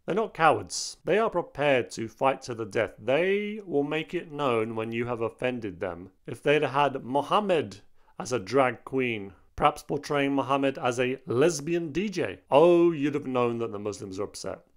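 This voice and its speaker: A man's voice: medium pitch, animated, measured pace. A man hosting an opinion commentary video, speaking in an indignant, emphatic way. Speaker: host.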